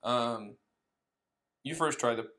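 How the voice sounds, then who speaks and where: A man hosting a casual podcast from a couch, teasing his guest with deadpan jokes. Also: medium pitch, takes it slowly. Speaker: podcast host. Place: living room couch. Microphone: podcast microphone.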